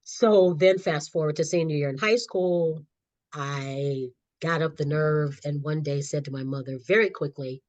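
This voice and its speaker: A woman's voice: sits low, a little slow, a little mellow, no room sound. A middle-aged woman, a guest author and counselor, telling her own story animatedly in a podcast interview and laughing often. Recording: slightly dull lo-fi audio.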